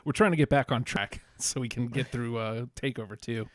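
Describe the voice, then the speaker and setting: A man's voice: mid-range voice, a little fast, no echo, studio quality. A man co-hosting a casual wrestling podcast, laid-back and agreeable, mostly giving short replies. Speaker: podcast co-host.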